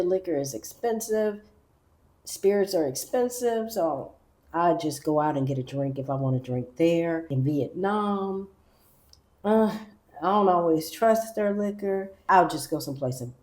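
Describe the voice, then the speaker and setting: Woman, from the US, low voice, chatty vlog talk, animated asides, echoey room. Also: measured pace. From United States. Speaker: vlogger. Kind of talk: casual talk to camera.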